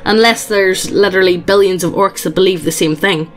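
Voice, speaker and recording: A woman's voice: mid-range voice, steady tone, fairly quick. A woman co-hosting a podcast, reading fan posts aloud in a dry, matter-of-fact way. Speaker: podcast co-host.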